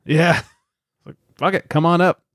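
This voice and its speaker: A man's voice: on the high side, fairly even intonation, measured pace, a bit bright, no echo, studio quality. A man co-hosting a casual podcast, talking in an enthusiastic, joking way. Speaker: podcast co-host.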